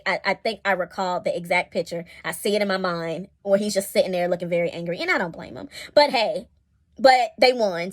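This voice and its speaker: Chatty woman vlogger reviewing episodes. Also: mid-range voice. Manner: chatty and expressive, laughing and acting out scenes; colloquial and digressive. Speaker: series reviewer. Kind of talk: casual spoken TV episode review.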